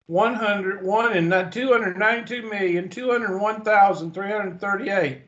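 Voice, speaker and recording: In a lo-fi calculator walkthrough lecture, a man with a high-pitched, slightly bright voice sounds drowsy, yawning as he goes. He's slow and methodical, reading out each digit and calculator step one at a time.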